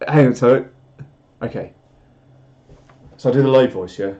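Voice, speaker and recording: A man hosts a casual live stream, reading viewer comments aloud in a jokey, rambling way. His voice is mid-range and warm, at a measured pace with frequent pauses, and the lo-fi recording sounds dull.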